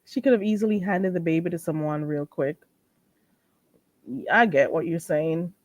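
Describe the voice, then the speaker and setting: A woman's voice: on the low side, moderate pace. A woman hosting a casual live stream, chatting in a rambling way with asides to her viewers.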